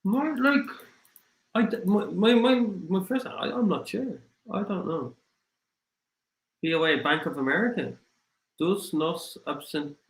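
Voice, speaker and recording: A man with an Irish accent hosting a casual livestream, rambling and apologetic, his voice getting rough after hours of talking. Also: high-pitched, unhurried, long pauses, reverberant, low-quality recording. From Ireland. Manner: rambling, apologetic, thinks aloud with many fillers. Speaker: crypto livestream host. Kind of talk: casual livestream chat, reading viewer comments.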